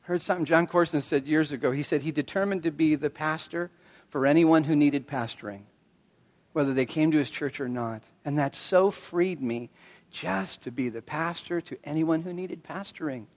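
A middle-aged man preaching a sermon as a pastor, telling stories with animated delivery and acting out the voices of the people he quotes. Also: fairly high pitch, normal speed. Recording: long reverb of a large hall.

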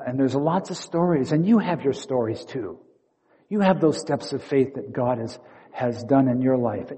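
Pastor preaching in a reverberant hall. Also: male voice, a little high. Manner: storytelling, acting out inner dialogue with shifting loudness. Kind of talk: sermon.

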